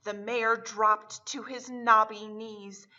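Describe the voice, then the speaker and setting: Children's librarian at storytime; bright, slow, sing-song reading. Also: female voice, a little high, level tone, highs cut off. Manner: warm, slow, sing-song delivery for kids.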